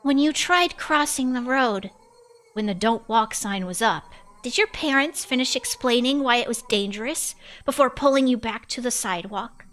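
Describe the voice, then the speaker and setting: A woman voicing an eerie little girl who has turned cold and ominous, speaking in a measured, indifferent way. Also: fairly high pitch, lively intonation, fairly bright tone. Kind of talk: voicing a visual novel character.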